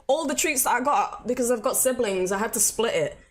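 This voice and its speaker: A woman's voice: fairly high pitch, expressive, a little fast. Chatty woman streaming. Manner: chatty, swears freely, laughs easily. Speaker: game streamer. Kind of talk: casual live-stream chat.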